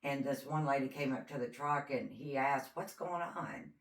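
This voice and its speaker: A woman's voice: extremely low pitch, moderate pace. A woman co-hosting a podcast, telling a true crime story in casual chat and acting out the quotes as she goes. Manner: animated storyteller, acts out quotes. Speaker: podcast co-host. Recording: roomy echo, distant mic.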